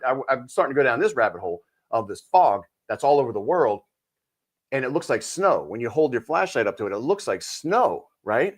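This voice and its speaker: A man co-hosting a casual talk show, ranting in an animated, profane way with sudden loud outbursts. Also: medium pitch. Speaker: podcast co-host. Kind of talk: casual conspiracy chat.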